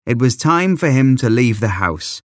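A man reading a children's story aloud as a first-person narrator, in a lively, expressive way into a close microphone. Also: medium pitch, normal speed, no room sound. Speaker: audiobook reader.

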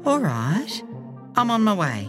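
Woman reader doing storybook mum, brisk, fretful, higher voice, faint music behind. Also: huge pitch swings.

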